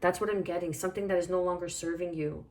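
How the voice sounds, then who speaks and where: A woman with a somewhat low voice speaks through a spiritual tarot reading. She is calm and reflective. She repeats phrases and reads card numbers aloud as she goes. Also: fast talker. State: hiccuping. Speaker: tarot reader.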